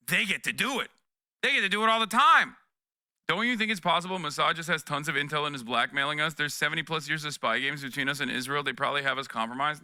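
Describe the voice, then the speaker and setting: A man in his thirties delivers heated political commentary on a livestream, profane and exasperated and pushing each point with "okay?". His voice sits a bit high and sounds sharply bright and forceful. The sound is close and dry, with no room echo. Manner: profane, exasperated, rapid rants with repeated "okay?". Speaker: streamer reacting to news.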